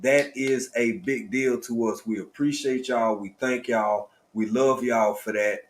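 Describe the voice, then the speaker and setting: In a casual live stream, a middle-aged man addresses his listeners as family, talking with heartfelt, preacherly warmth. His medium-pitched voice keeps a fairly even intonation at a measured pace.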